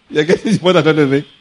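A Nigerian-accented man preaches with lively storytelling, breaking into laughter and slipping into pidgin for the voices he acts out. His voice sits a little high for a man. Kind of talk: sermon with storytelling.

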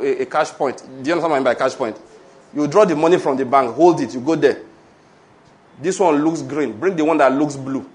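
A middle-aged man with a Nigerian accent preaching a sermon, emphatic and calling for responses from the congregation. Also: a little high. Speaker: pastor.

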